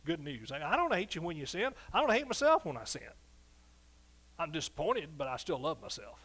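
A man's voice: a little high, very animated, brisk, a bit bright, slightly rough. A man preaching a sermon emphatically, often asking the congregation for response. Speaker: pastor.

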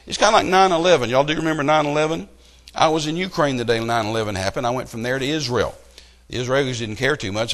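Animated preacher man. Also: on the high side, brisk. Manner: animated storytelling with rising outbursts. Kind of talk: sermon.

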